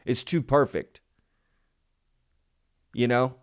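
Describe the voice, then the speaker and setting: Smooth-voiced skeptical male commentary host. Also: mid-range voice, takes it slowly. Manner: emphatic, skeptical, repeats himself, addresses viewers as y'all. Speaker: channel host. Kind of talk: casual commentary to viewers.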